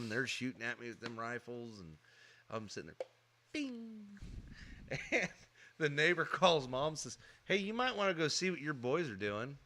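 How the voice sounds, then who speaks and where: Man, podcast host, very bright voice, lively pitch, casual storytelling. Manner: animated storyteller, acts out voices.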